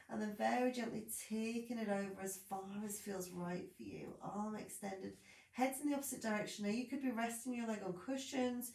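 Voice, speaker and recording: A woman teaching a guided yoga class, cueing softly and gently as she practises on her mat. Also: mid-range voice, vocal fry. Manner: soft, gentle cueing with frequent yawns and light laughs. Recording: roomy echo, voice from a distance.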